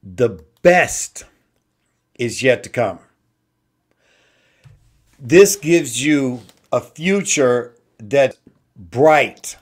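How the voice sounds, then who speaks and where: A man hosting an inspirational talk show, slowly repeating simple phrases with emphasis. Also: a little high, expressive, a little mellow. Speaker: host.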